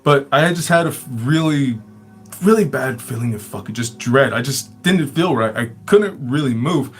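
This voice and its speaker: A man's voice: medium pitch, animated, moderate pace, faint music behind. A man telling stories in a casual livestream chat, rambling and swearing, with lots of filler words and frequent laughter. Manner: rambling and profane, many fillers; laughs often. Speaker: livestream storyteller.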